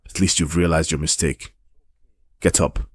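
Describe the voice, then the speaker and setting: Man reads a blunt governor, very deep, dry. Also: fairly even intonation, unhurried, slightly rough, dry recording, full character voice.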